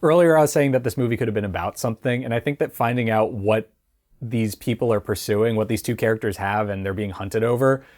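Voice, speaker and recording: A man's voice: on the low side, fast talker, darkish tone. A man giving a casual spoken film review, rambling and chatty with many fillers and frequent laughs.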